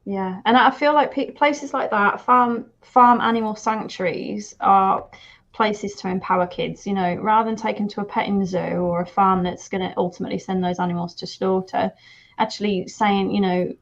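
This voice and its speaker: A woman's voice: mid-range voice, steady tone, moderate pace, dull audio. A woman guest in a casual chat, talking thoughtfully and reflectively with many "you know" fillers. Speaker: guest, shop co-owner.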